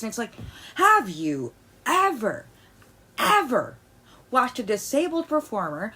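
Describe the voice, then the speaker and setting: A woman vlogger ranting in heated commentary. She stammers through restarts and swings from loud outbursts to quiet muttering. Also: high-pitched, huge pitch swings, moderate pace. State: agitated.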